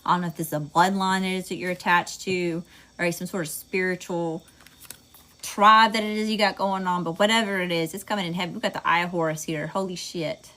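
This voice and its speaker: A woman's voice: lowish voice, fairly even intonation, fairly quick, bright, forceful tone. A woman with a Southern US accent giving a casual tarot reading, chatty and swearing freely as she talks to her audience. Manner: chatty, swears freely, says y'all a lot, laughs at herself. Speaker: tarot reader.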